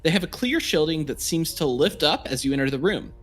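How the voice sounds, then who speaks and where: Halting casual male game master. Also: fairly high pitch, sing-song, soft background music. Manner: casual, filler-heavy, halting. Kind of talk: narrating a tabletop game.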